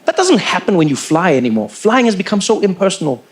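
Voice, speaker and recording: A man doing stand-up comedy storytelling, animated and playful, slipping into quick impressions. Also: high-pitched.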